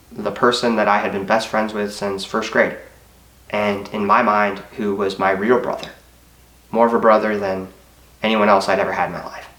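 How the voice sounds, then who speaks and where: A man's voice: fairly low pitch, fairly bright tone, reverberant. A man in his twenties telling a painful personal story in an earnest, emotional, confessional way, with hesitations. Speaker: motivational speaker. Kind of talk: personal story told to camera.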